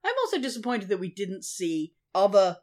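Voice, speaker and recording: A young Australian woman co-hosting a casual podcast chat, animated and sweary, laughing often. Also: medium pitch, moderate pace. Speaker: podcast co-host.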